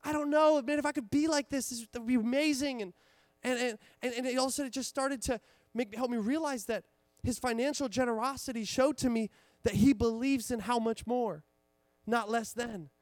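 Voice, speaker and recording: Young man, pastor, high voice, dry sound, animated storytelling sermon, lots of fillers. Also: moderate pace, no echo. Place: church.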